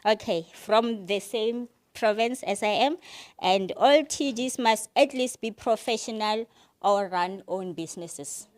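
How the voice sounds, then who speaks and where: A woman's voice: mid-range voice, measured pace. A woman delegate from Limpopo in South Africa, giving hesitant conference remarks full of fillers.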